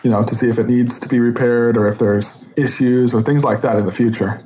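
A man's voice: medium pitch, steady tone, fairly quick, warm tone. A man co-hosting a podcast, chatting in a meandering, storytelling way. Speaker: podcast co-host. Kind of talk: casual chat. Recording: dull lo-fi line with faint hiss.

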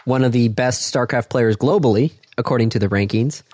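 A man co-hosting a podcast, reading news items aloud in a relaxed, casual way. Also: mid-range voice, fairly quick. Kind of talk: casual chat.

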